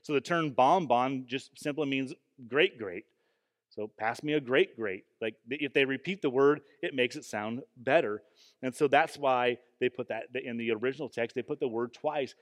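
A man's voice: mid-range voice, moderate pace. Man preaching in a reverberant hall. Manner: earnest, emphatic preaching with frequent fillers and restarts. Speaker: pastor. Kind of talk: sermon.

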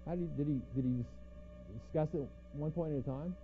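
A man's voice: a little high, brisk. Man preaching over a tinny line. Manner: conversational, rhetorical questions, acts out quotes. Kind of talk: sermon, verse-by-verse Bible teaching. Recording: tinny phone-like sound with faint music.

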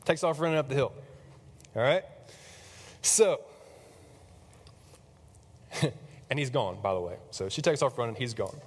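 A man telling a story in a casual sermon, chatty and animated, with lots of fillers. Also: mid-range voice, measured pace, long pauses, husky, long reverb tail.

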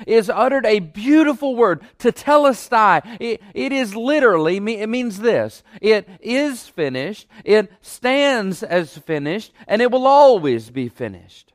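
A man's voice: high-pitched, no echo, clean studio sound. A man preaching a sermon from a church stage, emphatic and repeating key phrases for weight.

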